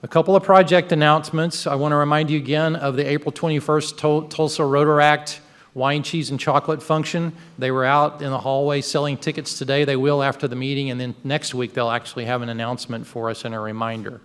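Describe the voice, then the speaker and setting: A man's voice: mid-range voice, little pitch movement, a little fast, fairly bright tone, clear, resonant tone. An upbeat man, the club president, reads out meeting announcements with a dry joke here and there. His mid-range voice carries through a large hall with a long, ringing reverb. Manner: upbeat, joking.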